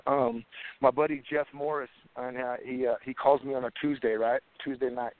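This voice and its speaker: A man's voice: mid-range voice, flat delivery, moderate pace, no echo. A man in his forties, a fighter, telling his story casually in an interview, rambling and chuckling, with fillers like "man" and "you know". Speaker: guest, professional fighter. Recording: phone-line audio, tinny.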